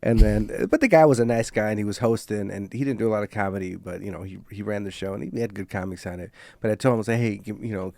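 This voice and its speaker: Halting man hosting a comedy podcast. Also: lowish voice, gravelly, darkish tone, no echo. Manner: halting, restarts sentences, laughs often. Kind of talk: casual podcast chat.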